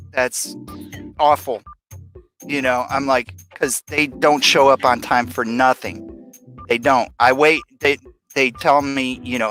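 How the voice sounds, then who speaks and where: A man's voice: medium pitch, fairly bright tone, rough recording. A man hosting a casual live stream chat, rambling and venting with lots of fillers and restarts. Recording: faint music behind.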